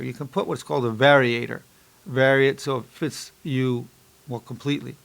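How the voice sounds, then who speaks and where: A man in his sixties lectures as a psychologist, with a gravelly, creaky edge to his mid-pitched voice. He pushes hard on key points, then drops into slow, soft repetition to guide listeners through a calming exercise. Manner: repeats affirmations slowly and softly during exercise.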